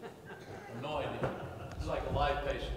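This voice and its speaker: A man's voice: mid-range voice, fairly even intonation, normal speed, heavy background noise. A man, an orthopedic surgeon, telling wry, self-deprecating family stories in a keynote speech at a conference. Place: conference hall. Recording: long hall reverb.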